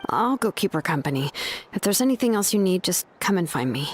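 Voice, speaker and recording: An actress voicing a friendly tribeswoman in a game who calmly explains things to the player. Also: fairly low pitch, a little fast, a little hiss or hum. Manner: easygoing and explanatory. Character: friendly helpful tribe woman.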